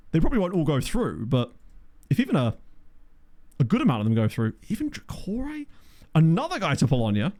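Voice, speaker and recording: Chatty man with a lively, bouncing voice. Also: on the high side. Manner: chatty, thinking aloud, frequent excited exclamations. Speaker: game commentator. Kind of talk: casual gameplay commentary. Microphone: desk microphone.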